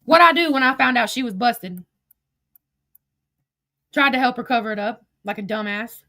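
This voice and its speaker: A woman's voice: fairly high pitch, animated, moderate pace, creaky, sharp tone, no room sound, studio quality. A woman telling a story in a casual way, reading out old text messages with blunt, profane asides. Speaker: commentator recounting drama.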